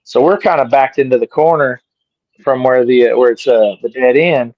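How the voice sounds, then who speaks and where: A man's voice: medium pitch, normal speed, dry recording. A middle-aged man, an interview guest, casually telling a story and animatedly acting out his own lines. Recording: dry, slightly dull sound.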